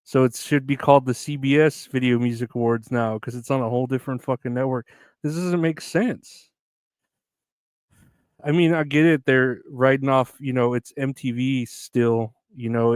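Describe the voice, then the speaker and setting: A man's voice: medium pitch, darkish tone, clear, resonant tone, dry recording. A man hosting a solo comedy podcast, riffing on news headlines in a sardonic, profane, rambling way with many restarts. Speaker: podcast host.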